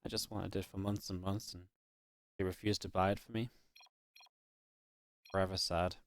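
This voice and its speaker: A man's voice: deep voice, flat delivery, moderate pace. A young man from northeast England with a light Geordie accent, casually casting a game and chatting with viewers in a rambling way. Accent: northeast English (Geordie). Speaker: esports caster. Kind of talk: casual live-stream commentary and chat.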